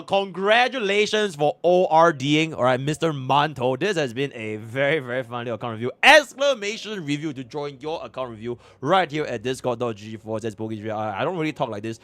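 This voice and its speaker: In a dry recording, a man from Singapore with a fairly high pitch and a Singaporean English accent reviews a game account on stream. He's excitable and swears a lot, alternating loud outbursts with mumbling.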